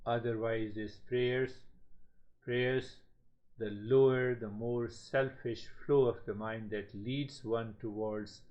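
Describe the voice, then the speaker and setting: A man giving a spiritual talk as a teacher, speaking slowly in measured, repetitive phrases. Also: mid-range voice, steady tone. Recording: slightly dull lo-fi sound.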